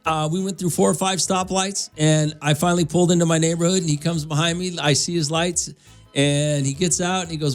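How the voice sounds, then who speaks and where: A man hosting a morning radio show, talking in a relaxed, rambling way and laughing often. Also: on the high side, fairly quick, soft background music. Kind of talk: casual morning radio chat.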